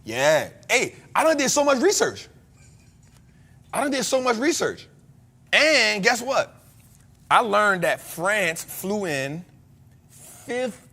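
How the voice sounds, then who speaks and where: An American man hosting a casual chat, joking and breaking into loud exclamations. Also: sits high, sing-song, slow, long pauses. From United States. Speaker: podcast host.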